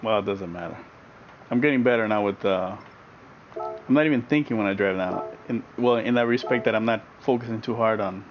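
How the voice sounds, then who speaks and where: A man's voice: fairly low pitch, fairly quick, lo-fi sound. Laughing man streaming a racing game. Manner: chatty, reads out viewer comments, laughs often. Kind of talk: live stream chat while racing. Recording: racing game car noise loud behind voice.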